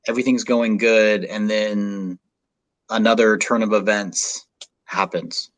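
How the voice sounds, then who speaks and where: A man hosting a podcast in casual interview chat, talking in an animated, rambling way full of "like". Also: lowish voice, slow, no echo. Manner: animated, rambling, heavy use of "like". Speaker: podcast host.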